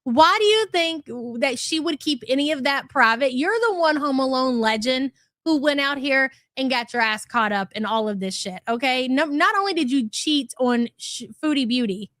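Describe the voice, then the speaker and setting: A woman hosts a commentary channel livestream, reacting to clips with blunt, profane remarks and reading out super chats. Her high, slightly bright voice is recorded dry and at studio quality.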